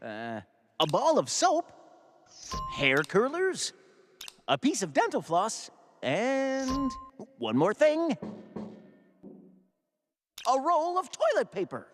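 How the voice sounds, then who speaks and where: A bouncy cartoon robot. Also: male voice, very high-pitched, huge pitch swings, slow, pauses often, a bit bright, long reverb tail, soft background music, exaggerated voice. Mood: cheerful. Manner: eagerly instructs and encourages. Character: cheerful male cartoon robot helper. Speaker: robot sidekick. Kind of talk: children's cartoon voice acting.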